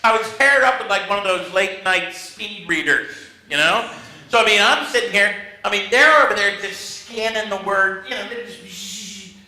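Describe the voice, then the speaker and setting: A man's voice: sits high, moderate pace, pushed and bright, echoey room, poor audio. A man teaching a negotiation workshop to a class in a training room, telling self-mocking stories with humor.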